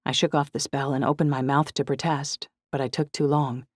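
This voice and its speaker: A woman giving steady, measured first-person narration of a novel. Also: rumbling low, no echo, clean studio sound. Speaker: audiobook narrator.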